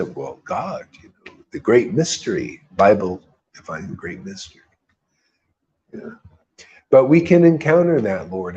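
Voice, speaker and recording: A man's voice: mid-range voice, dark tone, husky, muffled recording. A man leading a devotional group, giving an informal spiritual talk full of emphatic repetition and rhetorical questions.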